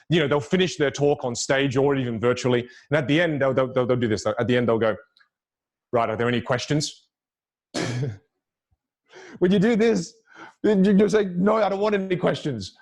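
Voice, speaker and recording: Lively, demonstrative man coaching public speaking. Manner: lively, demonstrative, swings pitch widely for emphasis; repeats key phrases for emphasis. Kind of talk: presentation to a virtual audience.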